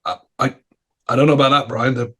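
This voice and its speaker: A man's voice: medium pitch, steady tone, fairly quick, husky. Brief: man voicing a worn-down manager, hesitant and careful. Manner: hesitant, hedging, quiet. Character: weary, hesitant male studio manager.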